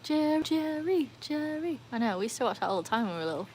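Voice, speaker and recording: A woman's voice: very fast, slight background noise. Chatty British woman live-streaming. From United Kingdom. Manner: chatty, bursts into high cheering whoops. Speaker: livestream host. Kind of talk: casual live-stream chat.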